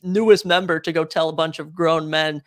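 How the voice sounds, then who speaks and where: A man's voice: fairly high pitch, level tone, moderate pace, a bit bright, no echo, studio quality. A man hosting a podcast, reacting briefly and asking curious follow-up questions. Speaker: podcast host. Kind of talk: casual interview chat.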